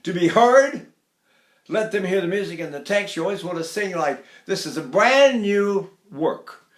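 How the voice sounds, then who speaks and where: An older man teaches vocal technique in an echoey room, his voice expressive, a bit bright, and at normal speed. He pauses to demonstrate by sighing and singing phrases high.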